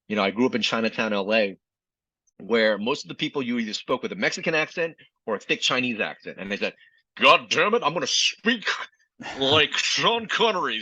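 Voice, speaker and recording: A man's voice: lowish voice, pushed and bright, husky, no room sound. A middle-aged man from Vietnam, a physician, telling his personal story as a podcast interview guest in an earnest, reflective way. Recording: slightly dull lo-fi sound.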